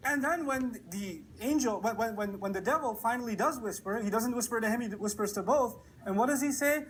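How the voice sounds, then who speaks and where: A man giving a lecture on scripture, telling a story with lively rhetorical questions and acted-out quotes. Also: very high-pitched, fairly quick, slight background noise, low-quality recording. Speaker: preacher. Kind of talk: Quran commentary lecture. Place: lecture hall.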